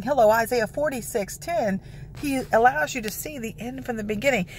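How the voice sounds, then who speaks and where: A woman with a gravelly voice giving devotional teaching and prayer, citing scripture and breaking into exclamations. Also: a little high, slight background noise. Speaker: prophetic ministry host.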